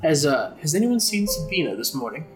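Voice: mid-range voice, very animated, a little fast, soft background music. A player in a tabletop role-play who speaks hesitantly and stumbles over words.

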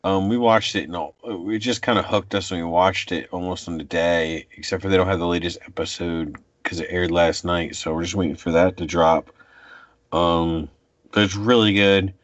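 A man in his forties co-hosts a casual chat, rambling and halting with lots of filler words. His low voice holds a steady tone, and the recording is dry, dull and muffled.

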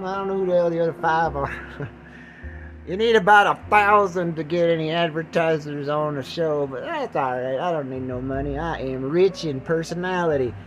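A man's voice: a little high, low-quality recording. A man rambles through his own podcast in a loose, casual way. He jokes at his own expense and wanders from one thought to the next. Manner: joking, self-mocking, jumps into put-on voices. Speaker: podcast host.

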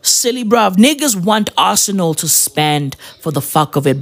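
A man's voice: high voice, normal speed, few pauses. Guy doing a heated footy rant, lots of slang and swearing, keeps saying bruv. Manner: animated, slangy, swearing, repeats "right?" and "bruv". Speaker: football fan vlogger. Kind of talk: casual football rant.

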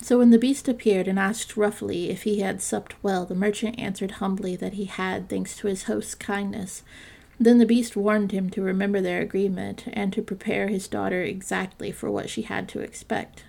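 A woman narrating a classic fairytale in a calm, measured storytelling reading. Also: mid-range voice, vocal fry.

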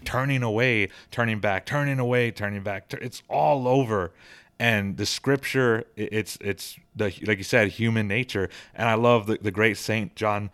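Smooth, low-voiced man in reflective talk. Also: normal speed, fairly bright tone. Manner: affirming, reflective. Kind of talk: casual religious discussion.

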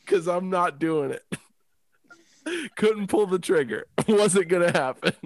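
A man's voice: high-pitched, unhurried, dry recording. A man co-hosting a podcast in casual chat, self-mocking and laughing often. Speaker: podcast co-host.

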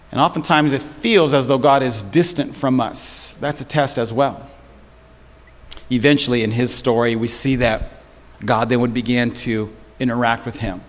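A man's voice: medium pitch, fairly even intonation, moderate pace. A man preaching a sermon as pastor, storytelling in casual slang and with animation. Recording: long hall reverb.

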